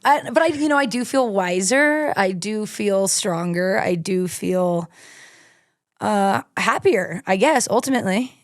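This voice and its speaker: A woman's voice: medium pitch, expressive, unhurried, no room sound. Laughing woman in her thirties, dry sound. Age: 30s. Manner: self-deprecating, laughs easily. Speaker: guest snowboarder. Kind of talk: casual interview chat.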